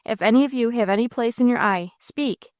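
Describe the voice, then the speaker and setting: A woman's voice: a little high, fairly quick, a little mellow, dry recording, studio quality, natural voice. A woman playing Black Donald, blustering robber chief. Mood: commanding. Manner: blustering, rousing, theatrical. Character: bold commanding male robber captain.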